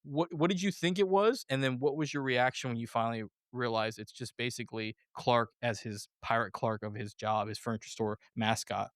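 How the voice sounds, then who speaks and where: A man hosting a casual movie review podcast, animated and laughing often as he acts out quotes. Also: mid-range voice, fairly quick, hardly any pauses, no echo, clean studio sound. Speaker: podcast host.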